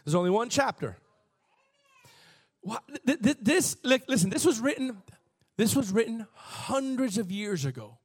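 A man's voice: very high-pitched, sing-song, unhurried, long pauses, husky. A man preaching a sermon, reading scripture aloud and calling on the congregation to respond, with bursts of emphasis. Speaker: pastor.

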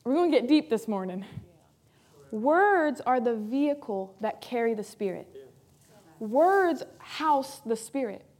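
A woman's voice: a little high, animated, a little slow, darkish tone. A woman pastor preaching a sermon in an earnest, emphatic way, repeating key phrases for weight.

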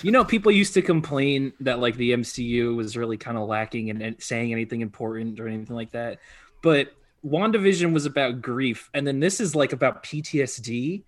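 Male co-host, mid-pitch, rambling casual film talk over a call. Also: lively intonation, brisk. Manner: rambling, restarts sentences, swears casually. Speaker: podcast co-host. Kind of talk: casual film review chat. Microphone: video call.

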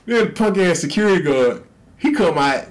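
A man's voice: high voice, animated, normal speed. A man, hosting a podcast and telling profane stories in a casual chat, laughing often. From Houston, Texas. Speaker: podcast host.

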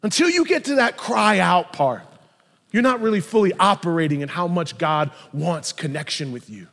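A male pastor preaches with animated, emphatic storytelling. His voice sits high for a man, and a long reverb from a large church hall trails each phrase. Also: moderate pace, gravelly. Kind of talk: sermon.

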